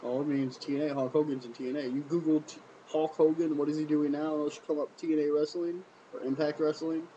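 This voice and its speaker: A man giving a casual solo wrestling review, animated and repetitive, full of sarcastic rhetorical questions. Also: on the high side, quick pace, hardly any pauses, dull audio, slight background noise.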